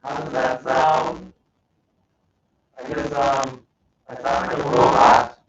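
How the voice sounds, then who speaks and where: A man's voice: mid-range voice, flat delivery, slow pace. A man hosting a casual live stream, joking around and reading silly tweets aloud while apologizing for his bad audio. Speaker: host. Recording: roomy, muffled, distant home-stream mic with faint background noise.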